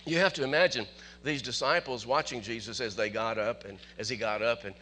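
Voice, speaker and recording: A man preaching a sermon as pastor, animated, asking the congregation questions and chuckling often. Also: mid-range voice, brisk, slight background noise.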